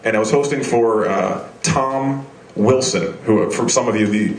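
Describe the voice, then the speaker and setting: A man's voice: lowish voice, normal speed, reverberant. A young man doing a live stand-up set on a small club stage, rambling and self-deprecating, with many restarts. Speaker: stand-up comedian. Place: small comedy venue stage.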